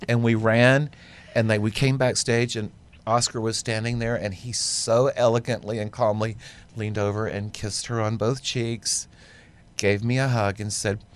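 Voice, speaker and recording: A man co-hosting a podcast, telling a lively story in casual chat. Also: on the low side, unhurried. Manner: animated storyteller, acts out quoted dialogue. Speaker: podcast co-host.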